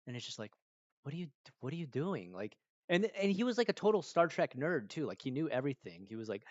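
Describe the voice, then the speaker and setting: A man's voice: mid-range voice, fairly quick, no echo, muffled recording. A man chatting casually on a live stream, rambling through a story with many fillers and acting out other people's lines. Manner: rambling, animated, many fillers, acts out quotes. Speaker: streamer answering viewer questions.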